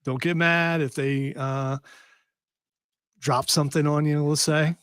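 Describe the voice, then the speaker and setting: A man's voice: a little high, steady tone, unhurried, a bit bright, smooth, dry recording, clean studio sound. A man hosting a casual radio talk show, reading news quotes aloud with lots of fillers. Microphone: radio studio microphone.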